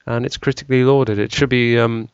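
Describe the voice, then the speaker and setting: A man's voice: medium pitch, little pitch movement, a little fast, clean tone, dry recording, dull audio. A young British man co-hosting a casual tech podcast, joking and laughing as he runs through news items. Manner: jokey, laughing often, reading news items. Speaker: podcast co-host. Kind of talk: casual chat.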